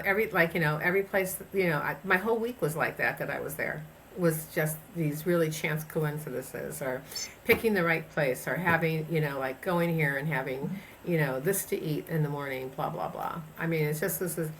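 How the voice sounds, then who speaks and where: A woman's voice: low-pitched, a bit bright, a little hiss or hum. A woman in her sixties from the United States, a chiropractor telling travel stories in a casual interview, rambling with many fillers and restarts. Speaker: guest chiropractor.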